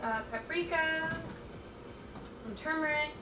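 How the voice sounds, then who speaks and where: Cooking in her home kitchen, a woman streamer chats casually with viewers and reads their messages aloud in a scattered, playful manner. Her voice sits high and moves slowly. The recording is distant and echoey, with background noise.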